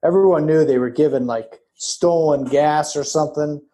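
Wry, joking man in casual chat, warm mellow voice. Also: fairly high pitch, normal speed.

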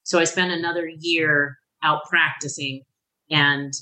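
A woman's voice: low-pitched, fairly even intonation, unhurried, bright, forceful tone, poor audio. A middle-aged woman on a podcast, telling her recovery story in a heartfelt, candid way and acting out the voices she quotes. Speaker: podcast guest. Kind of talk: candid conversation about recovery.

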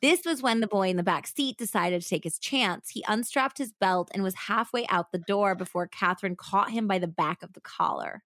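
A woman's voice: medium pitch, normal speed, hardly any pauses, fairly bright tone, no echo. A woman co-hosting a true-crime podcast, reading a story aloud and chatting casually about it into a close mic. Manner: reads narration then chats casually with fillers. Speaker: podcast co-host.

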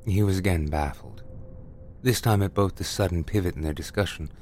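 A man reading a scripted horror story aloud as a narrator, with measured, deliberate, dramatic delivery. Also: low voice, darkish tone, slight background noise.

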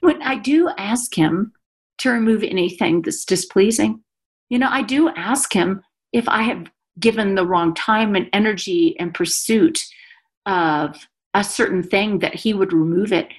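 Animated woman talking faith. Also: medium pitch. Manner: animated, quick bursts and teasing humor. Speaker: guest speaker. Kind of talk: faith-based conversation.

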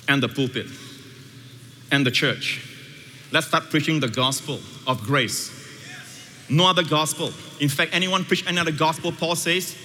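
Emphatic preacher man in a big hall. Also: slight background noise. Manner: emphatic, with sweeping shifts between loud highs and quiet lows. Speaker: pastor. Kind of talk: sermon. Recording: reverberant hall with faint ambience.

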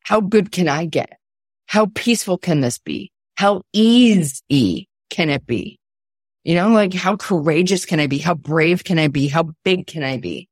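Woman, podcast guest, very low pitch, emphatic, motivational, dry close sound. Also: expressive, measured pace, darkish tone, husky, dry recording. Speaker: guest entrepreneur. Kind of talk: candid podcast conversation.

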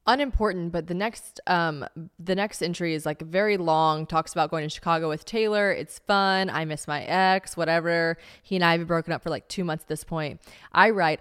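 Podcast host, woman in her late twenties, slightly low voice, rambling and self-deprecating, swears a lot. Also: moderate pace, a bit bright, clear, resonant tone. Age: late 20s. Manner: chatty and self-mocking, swears freely. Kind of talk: casual solo podcast monologue.

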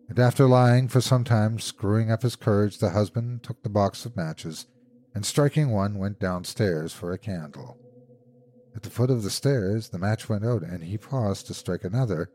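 A man hosting a horror podcast, narrating a classic ghost story in a measured, suspenseful way. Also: on the low side, darkish tone, slightly rough.

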